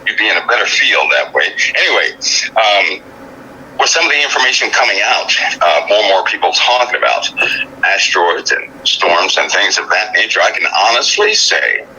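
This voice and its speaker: A man speaking as a guest over a cell phone in a call-in interview. He talks in a halting, grave way, with many restarts and repeated words. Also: low voice, sing-song, pushed and bright, a little hiss or hum, poor audio.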